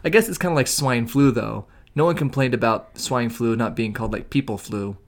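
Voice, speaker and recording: A man's voice: medium pitch, a little fast. A man co-hosting a casual podcast, riffing in sarcastic, ranting asides. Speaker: podcast co-host. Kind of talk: casual banter.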